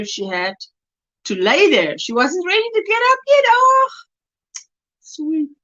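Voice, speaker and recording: A woman from South Africa hosting a casual crochet livestream, chatting warmly and laughing often as she reads out viewer comments. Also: fairly high pitch, highs cut off. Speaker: livestream host.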